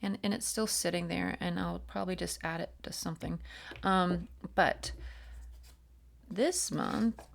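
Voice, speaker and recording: Speaking a little slowly, with a lowish, vocal-fried voice, a female tarot reader rambles through a laid-back channeled reading. She laughs often, lowers her voice to whispers, and drifts into gentle whispered chants.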